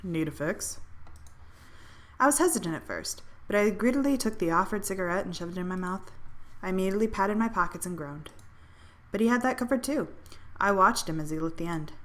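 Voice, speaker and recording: A woman playing a story game, reading the first-person narration aloud in an expressive, sardonic voice and swearing freely. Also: medium pitch, quick pace. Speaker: game streamer. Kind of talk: dramatic reading of a visual novel.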